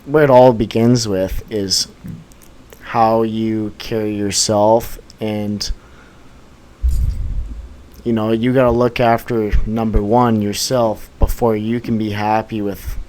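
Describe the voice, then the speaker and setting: A young man in casual chat, agreeing warmly and swearing casually, calling people bro and dude. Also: fairly low pitch, little pitch movement, slow, slight background noise, poor audio. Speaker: podcast co-host.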